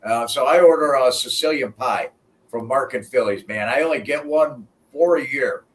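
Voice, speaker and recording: A man co-hosting a sports podcast, telling stories in animated casual chat and often saying "man". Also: medium pitch, moderate pace, far from the mic. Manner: animated storyteller, peppers talk with "man". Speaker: podcast co-host.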